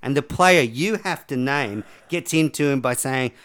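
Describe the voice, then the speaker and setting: A man's voice: medium pitch, expressive, moderate pace, fairly bright tone. A man, hosting a podcast and reading quiz questions in a chatty, joking way. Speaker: podcast host. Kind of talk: casual chat, quiz hosting.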